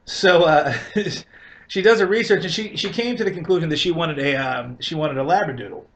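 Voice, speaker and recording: A man's voice: fairly high pitch, moderate pace, slight background noise. A man telling a long casual comic rant about his life, loose and profane, laughing between lines. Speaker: comedian telling a story.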